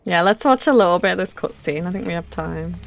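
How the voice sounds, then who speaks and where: A woman casually commentating her own speedrun, explaining the tricks in a relaxed way with frequent ums. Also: on the low side, quick pace, gravelly, faint music behind.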